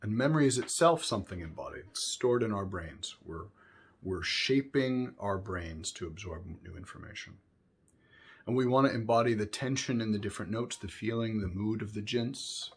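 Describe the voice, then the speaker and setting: A man giving a spoken music lesson, explaining calmly between sung examples, with violin playing behind him. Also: lowish voice, slightly rough. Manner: unhurried, explanatory, breaks into singing syllables. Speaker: music teacher.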